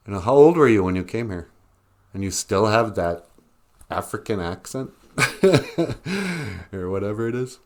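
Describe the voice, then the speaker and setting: Delivering a meandering solo monologue, this podcast host chuckles frequently and mimics quoted people in high, mocking voices. His intonation is lively, his pace measured, and he leaves long pauses.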